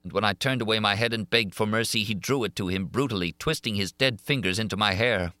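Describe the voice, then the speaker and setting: A man giving a dramatic, expressive audiobook narration. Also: on the low side, fast, hardly any pauses, dry recording, studio quality. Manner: expressive, theatrical.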